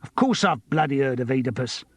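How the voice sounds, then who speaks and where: A man's voice: medium pitch, lively intonation, a little fast, no echo, natural voice. A man voicing a stubborn male comedian who speaks bluntly and plainly.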